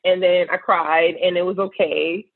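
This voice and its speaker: A woman's voice: lowish voice, fairly even intonation, a little slow, no echo. A woman guest in a podcast interview, talking in an earnest, reflective way. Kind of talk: casual interview talk. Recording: tinny phone-like line.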